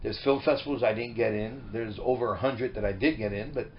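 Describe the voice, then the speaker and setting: A middle-aged man and comedian turned filmmaker, chatting in an animated, rambling way with many restarts as an interview guest on a boat. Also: mid-range voice, fairly quick. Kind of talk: casual interview chat. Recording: muffled lo-fi recording with faint noise.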